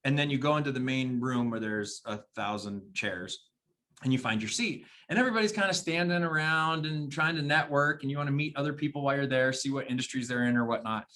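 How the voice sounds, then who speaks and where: A man's voice: mid-range voice, fairly quick, pushed and bright. A man from Arizona co-hosting a podcast, telling a rambling story in casual chat with many restarts. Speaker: podcast co-host.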